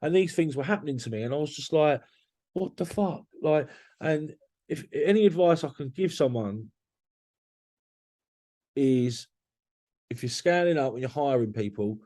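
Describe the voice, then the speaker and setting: A man's voice: medium pitch, expressive, normal speed, long pauses, warm tone. A man talking candidly as a podcast guest, blunt and swearing freely, often restarting his sentences.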